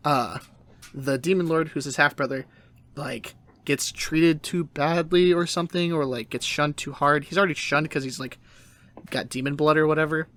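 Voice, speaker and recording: A man's voice: fairly high pitch, normal speed. A man hosting a casual podcast, retelling an anime episode with goofy put-on voices. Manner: animated retelling with silly voices. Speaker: podcast host.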